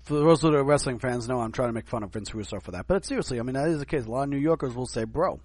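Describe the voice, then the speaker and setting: A man with a New York accent hosting a podcast, talking through a rambling, animated solo commentary full of restarts and asides. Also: medium pitch, rapid-fire, no room sound. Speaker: podcast host.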